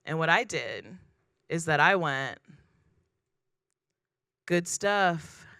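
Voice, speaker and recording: A woman performing a stand-up comedy set on a club stage, deadpan and self-deprecating, acting out the people in her stories. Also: low-pitched, unhurried, dry recording, studio quality.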